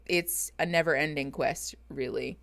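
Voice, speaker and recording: A woman's voice: low-pitched, steady tone, unhurried, creaky, a bit bright. A woman therapist chatting casually on a live stream, greeting viewers and laughing often. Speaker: therapist streaming reaction show.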